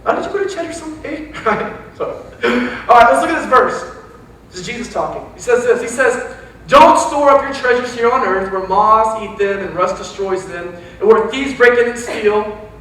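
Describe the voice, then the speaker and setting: High-voiced youth pastor in echoey hall. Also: male voice, slight background noise. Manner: animated, talks straight to the crowd with quick asides. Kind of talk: casual sermon. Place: church sanctuary. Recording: echoey church hall, mic from a distance.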